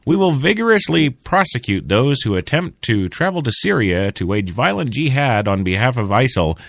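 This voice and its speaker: A man's voice: mid-range voice, sing-song, moderate pace, vocal fry, a bit bright, no room sound, clean studio sound. A man hosting a talk radio show, delivering blunt, profane commentary with stammering restarts and laughing at his own jokes.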